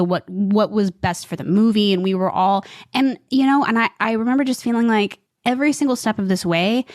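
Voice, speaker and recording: A woman telling a story as an interview guest, talking in a medium voice with frequent laughs. The sound is dry and close, with no room around it. She jumps between narration and quick quoted lines. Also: mid-range voice, dry recording. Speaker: actress guest.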